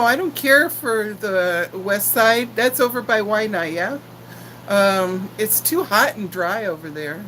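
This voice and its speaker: An older woman in her sixties hosts a relaxed live stream, greeting her viewers by name with affection. Her voice sits a little high, and she talks at an unhurried, slow pace. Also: a little hiss or hum, rough recording. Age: 60s. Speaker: channel host chatting with live viewers. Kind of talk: casual live-stream chat.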